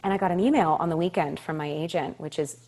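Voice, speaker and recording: A woman in her twenties, a Broadway actress, telling stories in a casual interview, animated and emphatic, repeating phrases for effect and laughing often. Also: low voice, fast talker. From California. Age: 20s.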